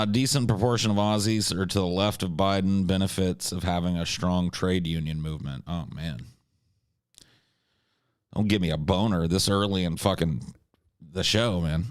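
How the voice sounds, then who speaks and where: A man's voice: low-pitched, steady tone, unhurried, pauses often, clean tone, dry recording. Man, stream host, crude and sarcastic, dry close sound. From United States. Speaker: livestream host. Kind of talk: casual stream chat, reading viewer comments.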